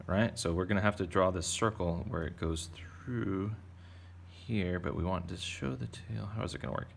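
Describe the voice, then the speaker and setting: A man leads a casual drawing lesson for kids, joking and rambling as he sketches. His voice sits low and has a gravelly edge. A faint background hum runs under it. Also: moderate pace. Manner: playful, rambling, jokey. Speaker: art teacher.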